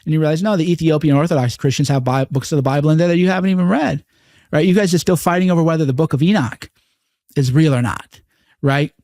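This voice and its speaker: Interview guest, male, earnest and blunt, curses freely, slightly high voice, dry studio sound. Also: fast talker, darkish tone, dry recording. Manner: earnest, profane, mimics voices in quotes. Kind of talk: candid interview conversation.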